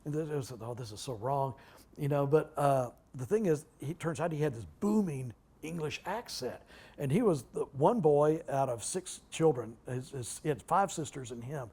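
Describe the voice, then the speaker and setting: A man in his sixties, a guest speaker, tells stories at a public talk in a halting way, full of restarts and asides. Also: a little high, dark tone, slightly rough. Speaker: guest speaker, retired library director. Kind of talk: anecdotal storytelling at a public talk.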